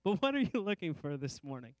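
A middle-aged male pastor with a fairly high voice delivers a sermon in rhythmic, repeated phrases. He climbs in pitch and slows down to stress his main points. The sound is dry and close, with little room echo. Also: very animated. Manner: varies emphasis, rising and slowing on key phrases; repetitive, rhythmic preaching.

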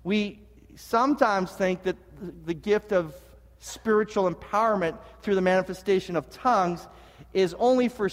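High-voiced man preaching in a reverberant sanctuary. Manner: earnest, animated preaching with humorous asides and frequent restarts. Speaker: pastor. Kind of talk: sermon. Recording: long reverb of a large hall.

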